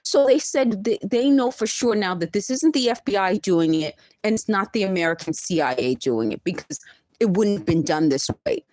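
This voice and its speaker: A woman in her fifties from the Bronx, speaking in an emphatic, indignant monologue. Her pitch leaps up and swoops down as she presses her points. The sound is close and dry, with no room around it. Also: lively intonation, normal speed, a little mellow, dry recording. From the Bronx, New York. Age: 50s. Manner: emphatic, indignant, laughing asides. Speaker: vlogger. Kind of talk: direct-to-camera monologue.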